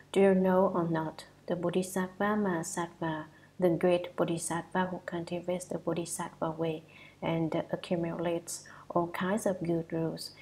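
A woman giving a measured, deliberate reading of a Buddhist sutra commentary, often trailing off into a whisper. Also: lowish voice, vocal fry, darkish tone, slight background noise, rough recording.

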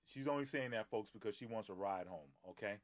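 Talking at a quick pace in a lowish voice, this middle-aged pastor is casually chatting on his phone live stream prior to a Bible teaching. He greets people by name, drops in many fillers, and laughs readily.

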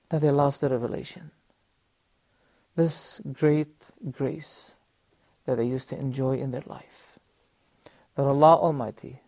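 A man in middle age delivers a religious lesson in a dark, mellow voice at an everyday pitch. He speaks earnestly and in measured phrases, pausing often and turning to the audience with questions. The sound is dry and close, as in a TV studio. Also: no echo. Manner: addresses the audience directly. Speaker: religious teacher and TV presenter.

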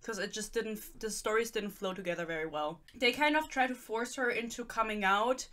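A woman's voice: fairly high pitch, fairly quick, sharp tone. A young woman from Germany, ranting sarcastically in casual chat as she reviews a book. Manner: sarcastic, ranting, reads excerpts aloud. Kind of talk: casual rant.

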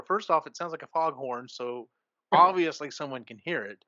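A man's voice: mid-range voice, normal speed, hardly any pauses, sharp tone, no room sound. A man hosting a podcast, casually retelling a book's plot in a rambling way full of fillers and restarts. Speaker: podcast host. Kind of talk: casual book discussion. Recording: dull lo-fi recording.

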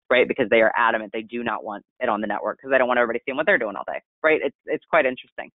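A man giving a casual, rambling product training talk over a conference call, in a delivery he calls monotone. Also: mid-range voice, rapid-fire, hardly any pauses, no echo. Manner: chatty, rambling, self-described monotone. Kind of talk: casual webinar presentation. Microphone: conference call line. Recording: tinny phone line, dry.

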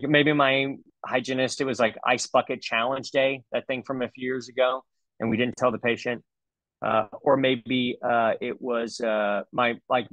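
A man's voice: medium pitch, a bit bright, dry recording, poor audio. A middle-aged man, a dentist, giving a comedic webinar talk in a sarcastic, joking way with loose fillers.

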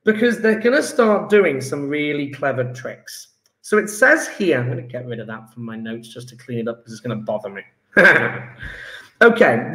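A man's voice: fairly high pitch, fairly bright tone, roomy sound. A man teaching chemistry in a live online lesson, chatty and jokey, reading out pupils' chat messages as he goes.

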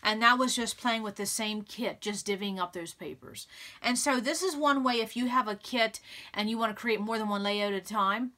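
A woman hosting a scrapbooking video, chatting excitedly and thinking aloud as she arranges papers, laughing often. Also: a little high, moderate pace. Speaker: scrapbooking channel host. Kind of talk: casual crafting tutorial chat.

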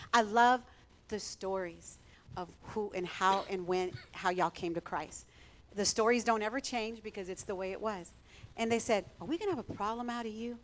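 A woman pastor talking casually in church, animated and emphatic, often laughing. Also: mid-range voice.

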